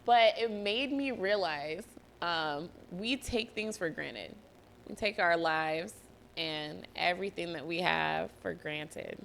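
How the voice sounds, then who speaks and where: A woman's voice: on the low side, vocal fry, fairly bright tone, a little hiss or hum. A young woman hosting a solo podcast, telling a personal story candidly, swearing freely and close to tears at times. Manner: candid, swears freely, laughs and nearly cries. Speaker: podcast host.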